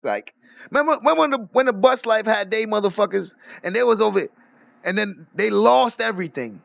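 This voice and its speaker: A man's voice: sits high, animated, fairly quick, gravelly, no room sound. A man ranting boastfully on a live stream, swearing freely and laughing often. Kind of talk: casual livestream rant.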